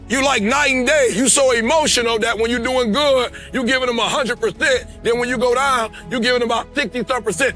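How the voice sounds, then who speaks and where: A man giving a motivational speech on a conference stage, talking emphatically and swinging from quiet, confiding talk to shouting. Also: very high voice. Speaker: motivational speaker. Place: conference stage before an audience.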